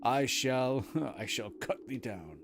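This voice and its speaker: Grieving young lover read by a man, dramatic old stage speech, gravelly and slow. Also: medium pitch, animated. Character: brooding young male lover, vengeful and grieving. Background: game music.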